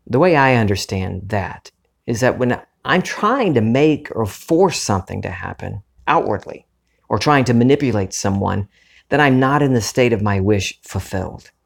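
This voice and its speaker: A middle-aged man hosting a podcast, talking in a calm, earnest and unhurried way about spiritual ideas. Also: mid-range voice, vocal fry. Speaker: podcast host. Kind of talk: reflective spiritual talk.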